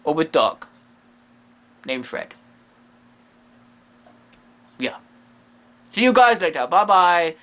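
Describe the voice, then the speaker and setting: A guy doing a quirky lonely ghost medium, rambly broken english, bright, bouncy pitch, comedy bit. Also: very animated, slow, long pauses, heavily acted. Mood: goofy. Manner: broken English that drops articles, rambling asides. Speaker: comedy vlogger in character. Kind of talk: comedy character monologue.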